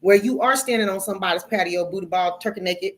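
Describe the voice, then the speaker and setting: A woman's voice: medium pitch, quick pace, fairly bright tone. Woman, talk show host, spiritual chat, emphatic, preachy, playful cursing.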